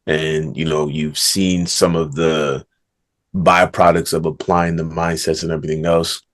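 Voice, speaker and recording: Podcast guest, male, deep voice, unhurried, reflective. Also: level tone. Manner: slow, thoughtful, murmurs "hmm" before answering. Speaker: author and negotiation coach, podcast guest.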